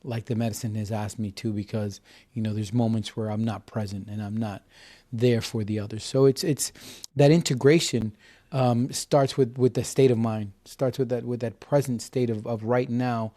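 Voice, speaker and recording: This mellow, mid-range voice belongs to a man in his fifties appearing as a podcast guest. He speaks at a moderate pace in a steady tone, sharing a story earnestly and from the heart, often restarting and repeating words.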